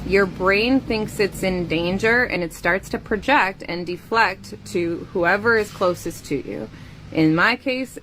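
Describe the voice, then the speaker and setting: Self-assured woman with a lowish voice. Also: a bit bright, a little hiss or hum. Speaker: social media poster. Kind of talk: talking-head video reply.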